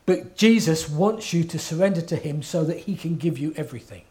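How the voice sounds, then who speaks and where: A man's voice: on the high side, expressive, fairly quick, mellow. A man preaching a sermon in an earnest, emphatic way, often checking in with his listeners.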